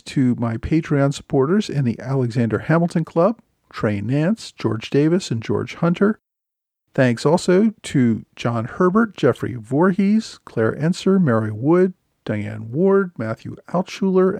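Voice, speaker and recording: A man's voice: mid-range voice, creaky, warm tone, no room sound. A man hosting a history podcast, reading thanks and notes in an earnest, explanatory way. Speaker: podcast host. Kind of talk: scripted podcast narration.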